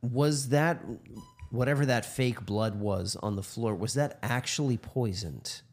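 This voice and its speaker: A man's voice: mid-range voice, a little slow, darkish tone. A man co-hosting a podcast, chatting casually and asking questions with hesitant restarts. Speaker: podcast co-host. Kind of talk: casual chat.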